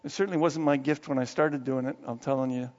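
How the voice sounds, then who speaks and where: A male pastor preaching a sermon in a conversational, animated way, dropping to low asides and then rising into excited bursts. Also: fast talker. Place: church sanctuary. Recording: long hall reverb, dull muffled sound.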